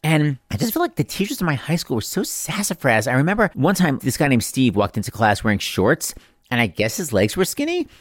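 An animated man hosting his podcast, his pitch leaping up and down as he gossips and tosses off jokes. The sound is close and dry, with no room around it. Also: dry recording. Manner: animated, gossipy, quick comic asides. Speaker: podcast host. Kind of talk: chatty podcast monologue and interview.

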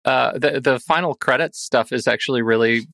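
A man co-hosting a casual film review podcast, animated and laughing often. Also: medium pitch, moderate pace, gravelly, no echo, clean studio sound. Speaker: podcast co-host.

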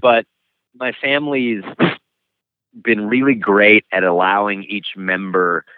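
Deep-voiced man on a tinny line. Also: steady tone, clear, resonant tone, no room sound. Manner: frank and reflective, pauses often. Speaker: author and guest. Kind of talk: candid interview conversation. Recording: tinny phone-like line, dry.

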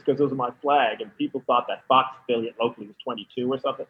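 A man from Canada, a comedian calling in as a guest, telling anecdotes in an animated way, laughing and slipping into voices. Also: mid-range voice, fast, hardly any pauses. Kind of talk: anecdotal storytelling. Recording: lo-fi phone-in line.

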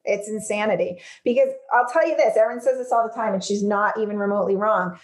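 A woman's voice: medium pitch, fast talker. A woman attorney from Massachusetts, a guest on a business podcast, chatting in a jokey, self-deprecating way. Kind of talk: casual podcast chat.

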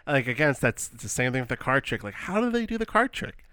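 A man's voice: mid-range voice, sing-song, a little fast, pushed and bright, clean tone, dry recording. A man co-hosting a podcast in casual chat, rambling with lots of fillers and acting out his reactions. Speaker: podcast co-host.

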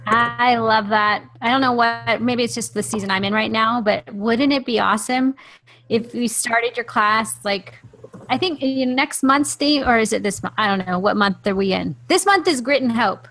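A woman hosting a faith-based podcast, telling stories in an impassioned, animated way. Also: a little high, normal speed. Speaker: podcast host.

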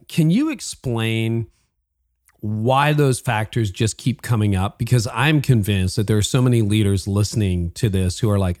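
A man's voice: medium pitch, darkish tone. Enthusiastic man hosting a leadership podcast. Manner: enthusiastic, affirming, quick asides and laughs. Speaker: podcast host. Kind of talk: podcast interview conversation.

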